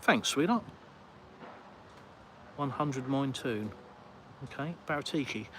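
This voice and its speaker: A middle-aged English live streamer with an English accent speaks slowly and expressively in a medium-pitched voice. The rough recording carries loud street and traffic noise as he chats casually and reads viewer messages.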